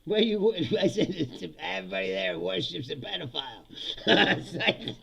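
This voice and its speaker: Raspy guy ranting about politics, laughs a lot, swears, voice jumps all over. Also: on the high side, sing-song, takes it slowly, pauses often, bright, forceful tone. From United States. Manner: laughs often, swears, acts out voices of others. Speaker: host. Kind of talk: casual comedic political rant.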